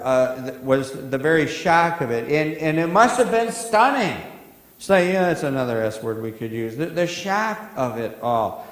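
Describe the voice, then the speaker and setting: A man's voice: a little high, animated, normal speed. A male pastor preaching a sermon in a church, talking conversationally and quizzing his congregation. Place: church sanctuary. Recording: echoey church hall.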